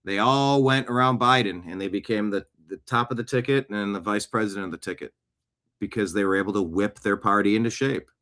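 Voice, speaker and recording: A man's voice: on the low side, a little fast, fairly bright tone. A man hosting a talk show, giving scornful, emphatic opinions on the news. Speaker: show host.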